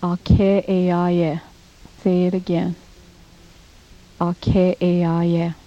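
Slow and measured, a female language teacher repeats each phrase of a recorded lesson for her listeners to echo. She speaks low and flat, her voice barely rising or falling. The dull, lo-fi audio comes from an old cassette tape.

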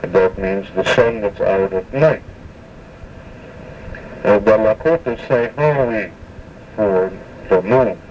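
A man giving a patient, methodical language lesson, explaining words one at a time with frequent pauses. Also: on the low side. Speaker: language teacher. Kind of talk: slow spoken language lesson. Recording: dull, distant lo-fi recording with faint hiss.

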